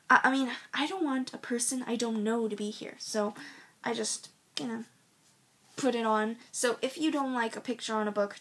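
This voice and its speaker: A woman's voice: on the high side, slightly rough. A teenage girl recommending her favorite books in a rambling, gushing way, full of ums and likes. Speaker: book vlogger. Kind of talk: casual book recommendation vlog.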